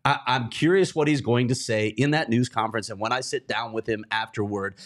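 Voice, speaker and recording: A man co-hosting a sports talk show, firing pointed, incredulous questions. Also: lowish voice. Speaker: sports reporter and co-host.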